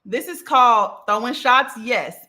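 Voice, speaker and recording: A woman coaching on communication in a casual teaching talk, emphatic and animated, checking in with the listener after nearly every point. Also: a little high, a little slow. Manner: emphatic, checks in with "okay?" and "right?"; animated, punchy delivery.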